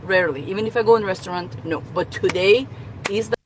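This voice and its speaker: A woman's voice: mid-range voice, quick pace, a little hiss or hum, rough recording. Exasperated woman ranting in a car. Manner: exasperated, swearing, rising to outbursts. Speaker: nail tech venting as a customer. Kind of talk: casual rant to phone camera.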